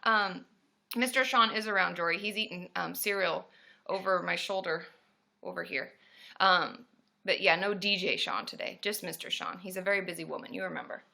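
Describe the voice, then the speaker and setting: A woman therapist hosting a casual live stream from a room at home, greeting viewers by name and breaking into loud cheers. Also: fairly low pitch, fairly quick, gravelly.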